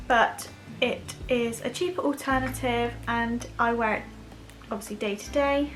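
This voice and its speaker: A young woman chatting to camera about her favourite products, rambling with quick self-deprecating asides. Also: fairly high pitch, soft background music. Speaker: beauty vlogger. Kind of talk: casual chat to camera.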